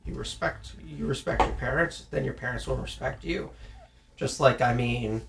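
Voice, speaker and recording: A man from the American South in casual conversation, animated, acting out stern parents in his stories. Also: medium pitch, moderate pace, gravelly, slight background noise. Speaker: podcast co-host. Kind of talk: casual chat.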